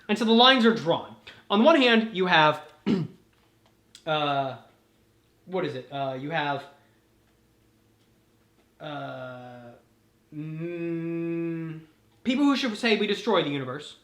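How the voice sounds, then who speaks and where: A man's voice: a little high, slow, long pauses, a bit bright, reverberant. A man casually recapping a story, rambling with frequent swearing and laughter. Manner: rambling, profane, laughs often. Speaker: host.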